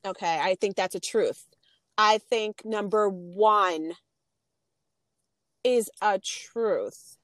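A woman's voice: mid-range voice, extremely slow, long pauses, fairly bright tone, no room sound. A woman co-hosting a podcast in casual chat, reacting with enthusiastic exclamations and laughs. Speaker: podcast co-host.

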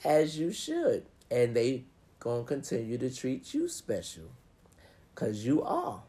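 A man's voice: mid-range voice, wildly swooping pitch, slow, dark tone. A man giving a casual, profane pep talk to listeners, swearing freely and acting out grumbling inner voices. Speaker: motivational talker.

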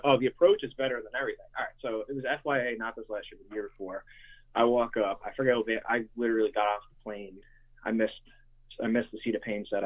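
A young man, a musician, telling stories casually with lots of fillers and swearing. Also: lowish voice. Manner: rambling, swears freely, many fillers. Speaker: guest, hardcore band musician. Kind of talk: casual storytelling. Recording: tinny phone-like line.

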